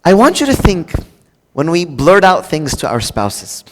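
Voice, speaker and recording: With huge swings in pitch, a slightly high male voice moves a little slowly through a casual, humorous sermon. The preacher talks straight to his congregation, using fillers and restarts, in a large hall with long reverb.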